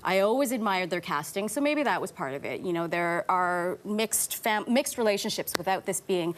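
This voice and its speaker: Candid woman guest, low voice. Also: expressive, slight background noise. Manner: candid, quick to laugh, mimics voices in anecdotes. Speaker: actor, talk show guest. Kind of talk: casual interview chat.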